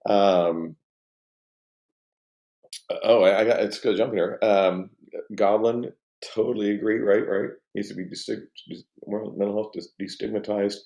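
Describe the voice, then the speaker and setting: A man's voice: lowish voice, fairly even intonation, unhurried, vocal fry, dark tone, echoey room. A middle-aged man and company co-founder chatting casually on a live stream from home, rambling with many restarts and fillers and reading out viewer comments.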